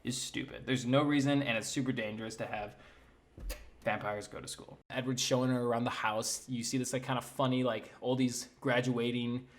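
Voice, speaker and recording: A man's voice: mid-range voice, little pitch movement, moderate pace. A young man giving a sarcastic comedic movie recap in a casual, rambling way, full of fillers and mocking impressions of the characters. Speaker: comedy commentator.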